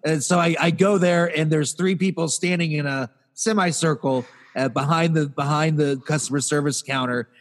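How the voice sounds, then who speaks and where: A man's voice: on the high side, fairly even intonation, normal speed, few pauses, in a large hall. A man co-hosting a podcast, telling an exasperated comic story in a casual rant and acting out the people he quotes in raised voices. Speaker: podcast co-host.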